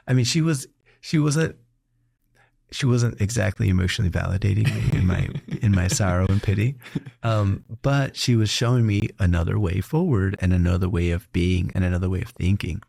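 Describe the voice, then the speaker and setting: A middle-aged doctor hosts a casual podcast interview in a lowish voice with vocal fry, speaking at normal speed in clean, dry studio sound. He's a lively storyteller who laughs frequently and mimics the people he quotes.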